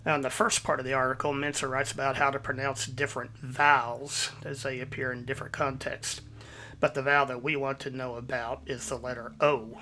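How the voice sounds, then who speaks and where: A man hosting his own video, giving a measured, explanatory voice-over. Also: mid-range voice, bright, forceful tone, a little hiss or hum. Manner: measured, explanatory, citing sources. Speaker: YouTube host.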